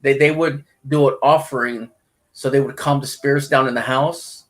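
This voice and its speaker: A man's voice: medium pitch, fairly even intonation, normal speed, a bit bright. Casual male interview host. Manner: brief reactions, casual.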